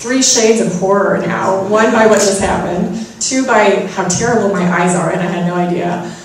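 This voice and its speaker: A woman's voice: mid-range voice, normal speed, a little hiss or hum. Woman telling stories in an echoey hall. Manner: storytelling, self-deprecating humor. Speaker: spiritual talk speaker. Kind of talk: inspirational talk to an audience. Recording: very echoey room, far from mic.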